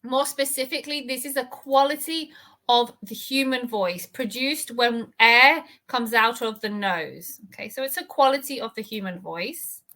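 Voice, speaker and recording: A woman English teacher explaining vocabulary and grammar from an article, patient and clear, often checking in with "okay?". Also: a little high, normal speed, bright, forceful tone. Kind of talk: reading lesson explanation.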